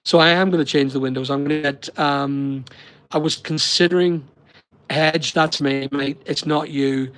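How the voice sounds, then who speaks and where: A man's voice: on the high side, fairly even intonation, normal speed, fairly bright tone, low-quality recording. Chatty Northern Irish man. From Northern Ireland. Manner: rambling, chatty, talks back to viewers' comments. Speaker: host of a live stream. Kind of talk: casual live-stream chat with viewers. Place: holiday lodging abroad. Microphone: laptop or phone on a weak connection.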